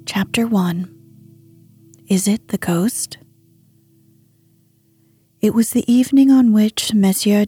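Speaking close to the microphone, a woman tells a sleep story at bedtime in a calm, hushed tone that frequently slips into a whisper. There's no echo, and her mid-range voice sounds husky.

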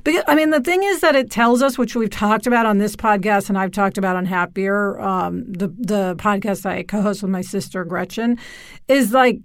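A woman's voice: mid-range voice, normal speed, no room sound. Chatty woman podcast co-host, dry studio sound. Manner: chatty, warm storytelling with frequent ums and likes. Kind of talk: casual podcast chat.

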